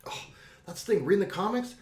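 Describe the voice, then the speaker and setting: A man's voice: high-pitched, animated, quick pace, echoey room. A man co-hosting a podcast, chatting casually and enthusiastically about a movie, rambling and laughing often. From spent late teens on the East Coast. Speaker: podcast co-host.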